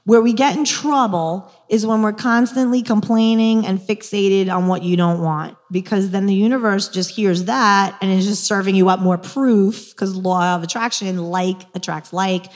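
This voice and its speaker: A woman in her forties speaks with a New York accent, chatty and frank, often laughing and a little crass as she tells stories and coaches. Her voice sits at a middle pitch for a woman, and a long hall reverb trails behind every word. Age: 40s. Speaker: guest speaker on dating and manifestation. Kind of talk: casual storytelling, coaching talk.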